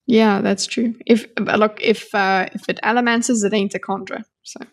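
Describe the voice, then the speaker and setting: A woman co-hosting a book-club podcast, talking earnestly and thinking out loud with many restarts. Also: mid-range voice, steady tone, moderate pace. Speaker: podcast co-host. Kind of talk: casual book-club chat.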